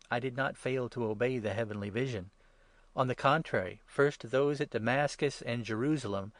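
A man reading the part of the apostle Paul as he makes an earnest, measured defense in a Bible reading. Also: mid-range voice, a bit bright, no echo, close to an everyday voice.

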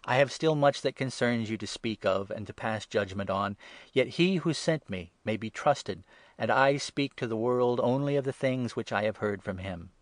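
A man reading the words of Jesus as a solemn male teacher in a measured way, louder and higher on key phrases. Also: no room sound, lightly acted. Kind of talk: scripture reading.

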